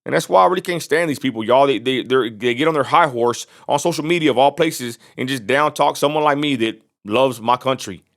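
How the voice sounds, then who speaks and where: Man, blunt combative vlog rant, mid-pitched voice, repeats himself. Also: a little fast, hardly any pauses, fairly bright tone. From Texas. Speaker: vlogger. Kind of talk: ranting vlog monologue.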